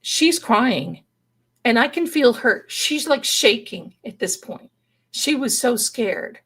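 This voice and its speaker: A woman's voice: fairly high pitch, lively intonation, slow, a bit bright, slightly rough. A woman telling a story on a live stream in a dramatic, folksy way, calling her listeners darlings. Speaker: paranormal storyteller guest.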